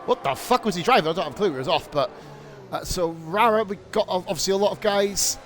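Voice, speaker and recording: A young man streaming live sim-racing commentary, excitable and rambling, swearing freely and going off on rants. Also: high-pitched, fast, faint music behind. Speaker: league streamer and race commentator.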